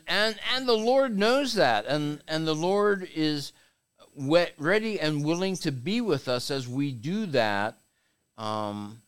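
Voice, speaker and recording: A man's voice: a little high, fairly bright tone. A man giving a sermon as a bishop, preaching with call-and-response to his congregation.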